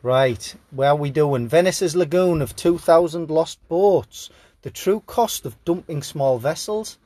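A man's voice: on the high side, a little slow, dark tone, no echo. A sleep-deprived man hosting a podcast, reading headlines aloud and riffing on them in a rambling, jokey way. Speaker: podcast host. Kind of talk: casual news commentary.

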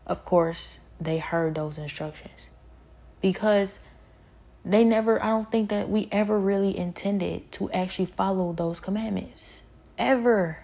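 Tired woman preaching, lowish mellow voice, keeps hammering the same point and then pushes it louder. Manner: emphatic, repetitive, rising to forceful peaks. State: weary. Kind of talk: impassioned spoken sermon.

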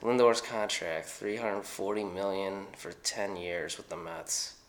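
A man hosting a sports talk show, chatting casually and rambling a bit. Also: deep voice. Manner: casual, rambling, sometimes quick.

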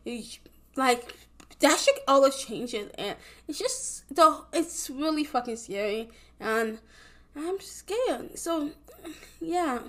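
Young woman with a high voice, solo podcast host, loose and rambling with heavy swearing and frequent restarts. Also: lively intonation, slow, a bit bright. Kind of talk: casual solo podcast monologue.

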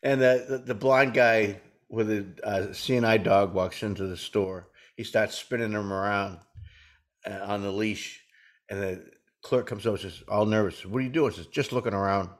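A man's voice: fairly low pitch, fairly even intonation, moderate pace. A man co-hosting a comedy talk, telling folksy jokes and laughing at his own punchlines. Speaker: co-host. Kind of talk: joke-telling banter.

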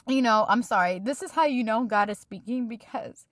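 A woman's voice: on the high side, moderate pace, few pauses, no echo, studio quality. Earnest woman podcaster, tearful faith talk. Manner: emotional, earnest, preaching to listeners. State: tearful at times. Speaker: podcast host.

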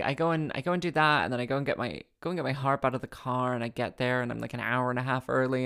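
A woman hosts her own podcast in a casual, tired solo chat, rambling and restarting phrases with self-deprecating asides. Her voice rumbles low but has a bit of brightness.

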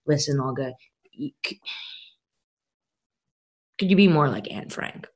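A young woman hosting a casual comedy podcast from a dining room at home, teasing her guest with deadpan jokes. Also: extremely low pitch, a little slow. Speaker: podcast host.

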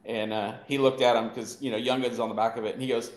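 Male podcast co-host, relaxed rambling anecdote teller, mid pitch, roomy echo. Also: fast. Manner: rambling, filler-heavy, laughing storyteller. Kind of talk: casual storytelling chat.

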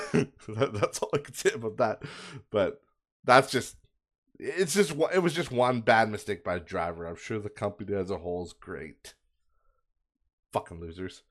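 A man's voice: on the low side, normal speed, long pauses, a bit bright. Profane ranting man. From Canada. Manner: profane, exasperated, laughs at his own bad luck. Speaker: podcast host. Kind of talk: casual rant.

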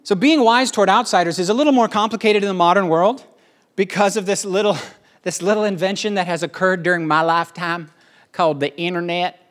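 A middle-aged male pastor preaching a sermon in an animated, fast-talking way with jokey asides. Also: high voice.

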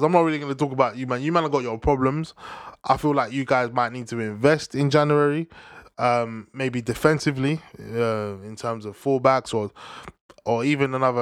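A young man giving a casual, animated football rant, full of slang, swearing and laughter. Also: mid-range voice, no echo, clean studio sound. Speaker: football fan commentator. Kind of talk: casual opinionated football chat.

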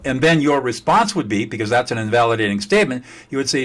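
A man speaking as a guest expert on communication, blunt and forceful, repeating words for emphasis and cursing at times. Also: mid-range voice, expressive, quick pace, few pauses. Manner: slightly profane. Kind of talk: emphatic conversation.

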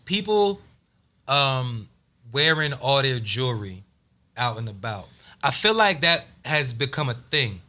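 A man's voice: mid-range voice, very animated, a little slow, bright, forceful tone. A man hosting a podcast, talking in laid-back slangy banter and laughing often. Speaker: podcast host. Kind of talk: casual chat.

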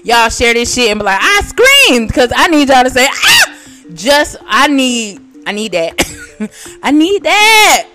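Woman, podcast host, solo casual monologue, profane, laughs at own jokes, loud-quiet swings, higher pitch, faint background music. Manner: big swings in loudness and pitch, bursts of shouting.

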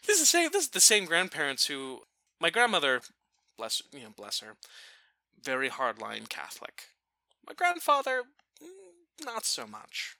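A man telling a family story in a casual chat, animated and often breaking off to restart his sentences. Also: fairly high pitch, normal speed, creaky, no echo. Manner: animated, self-interrupting.

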